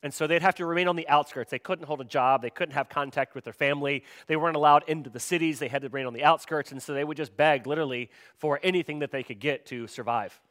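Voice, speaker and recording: Conversational preacher man, slightly high voice. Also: fast, few pauses, a bit bright. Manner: conversational, asks the congregation questions. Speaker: pastor. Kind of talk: sermon.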